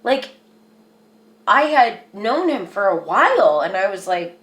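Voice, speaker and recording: A woman's voice: mid-range voice, very animated, moderate pace, fairly bright tone. A woman telling a personal story to camera in a rambling, earnest way, with lots of "like.". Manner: rambling, earnest, says "like" a lot. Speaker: vlogger. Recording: echoey room.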